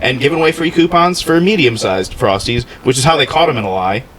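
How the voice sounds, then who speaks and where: Young male podcast co-host, Ohio-raised, deadpan rambling comic delivery, average pitch. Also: quick pace, slight background noise. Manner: rambling absurd riffs, deadpan. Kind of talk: comedic podcast banter.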